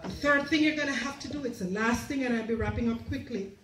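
A woman with a high, bright voice preaches a sermon and tells a story, briefly voicing its people as she goes. She sounds echoey and a little distant, picked up in a church hall with faint room noise behind her. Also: quick pace.

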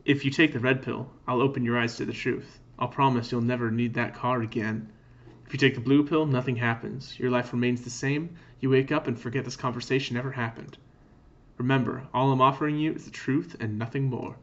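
Cryptic truth-offering stranger, read by a male streamer, slow and solemn, lo-fi mic. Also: mid-range voice, steady tone, lightly acted. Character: cryptic man muttering about truth.

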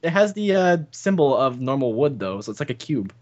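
A man's voice: mid-range voice, very animated, fairly quick, a little mellow. A young man in a casual gaming session, confused and playful about crafting. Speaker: co-player. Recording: dull lo-fi audio with faint noise.

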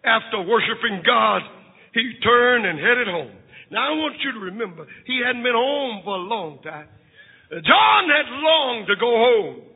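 High-pitched shouting preacher in a tinny hall. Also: male voice, breathy edge. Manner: shouting, crying delivery with big swings from hushed to loud. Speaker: pastor. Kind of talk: dramatic sermon storytelling. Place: large auditorium. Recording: tinny lo-fi recording in a reverberant hall.

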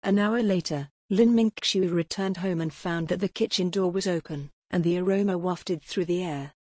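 A woman reading an audiobook aloud with even, steady pacing. Her voice is a little low and soft with a breathy edge, and the recording is close and completely dry. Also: normal speed, no room sound. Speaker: audiobook narrator. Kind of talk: audiobook narration.

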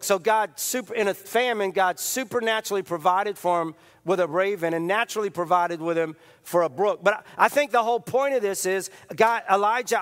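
A middle-aged man preaching a sermon as a pastor, telling stories in an animated way with repetition and restarts. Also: high-pitched. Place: large church. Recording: long church reverb.

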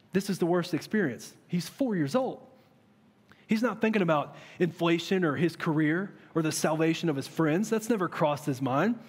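A man in his thirties preaching a sermon as pastor, conversational and animated, with many rhetorical questions. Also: high voice. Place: large church hall. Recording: long reverb of a church hall.

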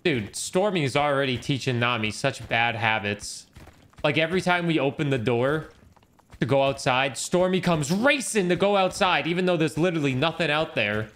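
A man's voice: a little high, animated, moderate pace, a bit bright. A young man streaming a game, chatting casually in a rambling, joking way and swearing freely. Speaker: gaming streamer. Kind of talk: casual chat over gameplay.

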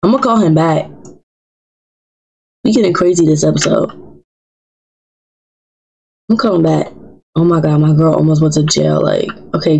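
A woman's voice: medium pitch, vocal fry, a little mellow, rough recording. Playful woman streaming a life-sim game. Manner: chatty and teasing, talks back to game characters in slang. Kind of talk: playful live gameplay commentary.

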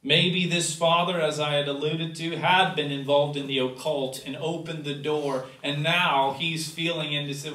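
A man preaching a sermon as pastor, swinging from loud emphatic rises to quiet low asides. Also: fairly even intonation, normal speed, hardly any pauses, echoey room, distant mic. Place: church sanctuary.

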